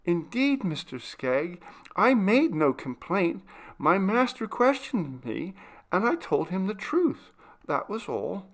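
A timid young servant girl, put on by a male storyteller pleads softly, her voice lifted high and trembling as she weeps. There is a gravelly edge beneath the raised, faltering tone. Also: very animated, slow, full character voice. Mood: tearful, pleading.

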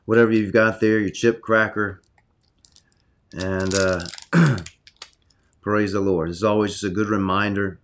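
A man preaching informally from his home study to an online audience, earnest and conversational, now and then raising his voice loudly for emphasis. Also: fairly low pitch, flat delivery, a little slow, pauses often, slight background noise.

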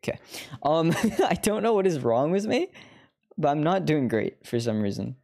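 A woman's voice: deep voice, big pitch swings, normal speed, creaky, warm tone. A woman streamer chatting through live gameplay commentary, laughing often and swearing freely.

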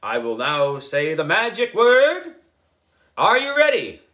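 Hammy boy wizard voice from a guy reading a kids book, slow booming lines, kinda high. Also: wildly swooping pitch, pushed and bright, full character voice. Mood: grandly theatrical. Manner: slow, booming, theatrical pronouncements. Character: boy putting on a grand stage wizard voice. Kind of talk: storybook reading.

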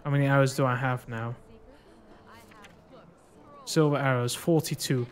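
A man's voice: mid-range voice, fairly even intonation, measured pace. A man streaming a video game, thinking aloud with casual, profane commentary and frequent laughs. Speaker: gaming streamer.

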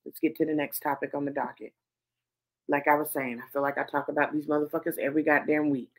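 A woman's voice: low-pitched, little pitch movement, quick pace. Profane, fired-up woman host. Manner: profane, heated and emphatic. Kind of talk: ranting news commentary show.

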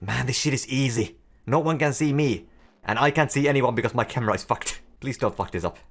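A man giving gameplay commentary. He swears a lot, gets excited fast and yells when things go wrong. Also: medium pitch, vocal fry, a little hiss or hum. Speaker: gaming YouTuber.

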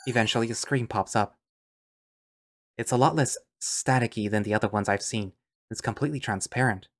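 A man's voice: fairly low pitch, a little fast. A man narrating an audio drama in first person, musing and understated.

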